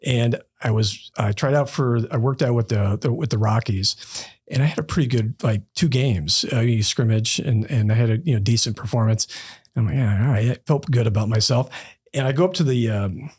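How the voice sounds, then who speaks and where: A middle-aged man with a slightly husky, breathy voice at an ordinary pitch, talking as a guest on an interview podcast. He tells stories in a loose, conversational way, full of "uh" and "you know," and slips into other people's voices when he quotes them. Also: brisk, a little mellow. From Northeast Ohio. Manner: conversational, many fillers, acts out quoted people. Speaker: bank executive, podcast guest. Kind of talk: casual storytelling interview.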